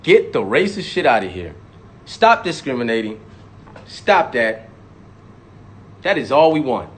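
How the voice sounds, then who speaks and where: A rapper speaks out in a heated, profane monologue, his medium-pitched voice sing-song and a little slow. He repeats lines for emphasis and mocks imagined critics by suddenly switching voices.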